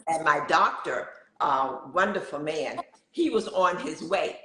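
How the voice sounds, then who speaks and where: Animated woman telling stories in an echoey room. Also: low-pitched, a little slow. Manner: animated storyteller, acts out quoted voices. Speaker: guest sharing birth stories. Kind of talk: casual conversation.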